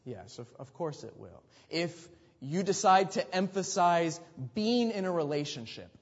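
A man's voice: fairly high pitch, very animated, unhurried. Man, pastor, sermon, emphatic delivery, rhetorical questions, long church reverb, dull lo-fi sound. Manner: emphatic, rhetorical questions, occasional stammered restarts. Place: church sanctuary.

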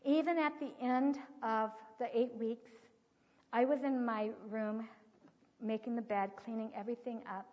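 High-voiced woman telling a sermon story. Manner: earnest, vivid retelling with acted quotes. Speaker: speaker teaching on child discipline. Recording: dull recording with long hall reverb.

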